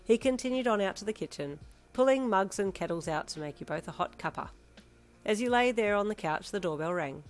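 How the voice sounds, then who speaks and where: A woman's voice: mid-range voice, expressive, brisk, faint music behind. A woman narrating a second-person fanfiction story and chatting to viewers at the end.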